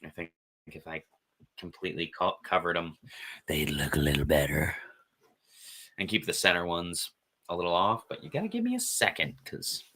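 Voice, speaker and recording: A man's voice: low voice, sharp tone, slight background noise. A man hosting an art show, chatting casually and rambling to himself as he colors, swearing now and then. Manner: rambling self-commentary with swearing. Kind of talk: casual chat while coloring.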